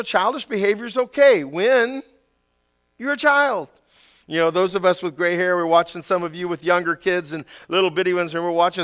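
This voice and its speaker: A middle-aged man preaching a sermon. He reads scripture slowly and deliberately, then tells stories with animated, rising emphasis. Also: high voice, clear, resonant tone. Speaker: pastor.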